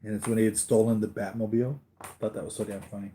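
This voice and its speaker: A man's voice: fairly low pitch, animated, quick pace, mellow, a little hiss or hum. Tired, rambling male collector. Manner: rambling, chatty, restarts a lot while talking to viewers. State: tired from a sleepless night. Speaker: collector hosting a live unboxing stream. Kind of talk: casual live-stream chat.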